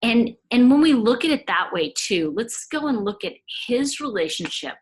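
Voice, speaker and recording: Husky, animated woman commentator. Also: on the high side, normal speed, poor audio. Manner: rambling, animated, self-interrupting. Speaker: true crime commentator. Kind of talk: casual monologue to camera.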